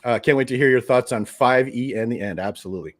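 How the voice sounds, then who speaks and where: A man's voice: medium pitch, quick pace. A man hosting a live streamed show, chatting casually and joking while greeting viewers from the chat by name. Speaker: host of a collectibles show's live stream.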